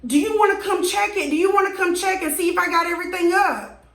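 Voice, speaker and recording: A woman puts on a loud old neighbor man who leans on a cane, pitched up high and blurting out excuses. The sound is roomy with a clear echo. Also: fast talker. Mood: eager. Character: elderly male neighbor, cane-walking, loud and sheepish.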